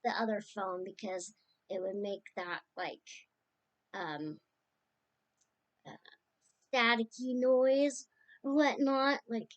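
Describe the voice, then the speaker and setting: Slow, rambling woman sharing fond memories. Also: a little high, fairly even intonation. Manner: rambling and tender, drifting between stories. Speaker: niece sharing memories of her late uncle. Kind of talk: casual spoken remembrance.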